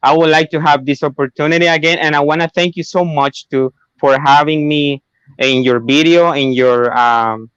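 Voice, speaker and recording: A man's voice: on the high side, fairly even intonation, moderate pace, a bit bright, clear, resonant tone, dry recording, dull audio. A man who works in a call center, speaking as an interview guest and hesitating as he searches for his words. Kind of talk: casual interview advice.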